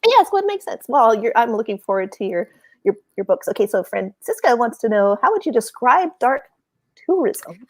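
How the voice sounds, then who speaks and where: A woman's voice: on the high side, moderate pace, dry recording. Chatty woman hosting a live chat show. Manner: chatty, laughs often, lively storytelling. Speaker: host. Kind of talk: casual livestream chat.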